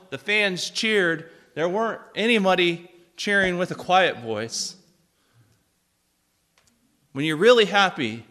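A man preaching a sermon, reading scripture and asking the congregation questions in an animated way. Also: high voice. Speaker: pastor.

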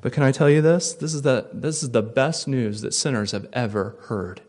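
Man, pastor, sermon, emphatic preaching, repeats phrases, medium pitch. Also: normal speed, a little mellow.

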